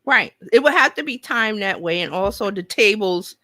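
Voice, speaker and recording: A woman's voice: medium pitch, lively intonation, normal speed, bright, forceful tone, dry recording. A woman from New York hosting a casual live show, chatting and reading out viewer comments. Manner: chatty, thinks aloud, reads viewer comments. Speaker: host.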